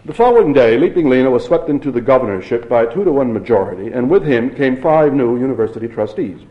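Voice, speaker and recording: A man narrating an audiobook in a steady, measured reading. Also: mid-range voice. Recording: dull lo-fi recording.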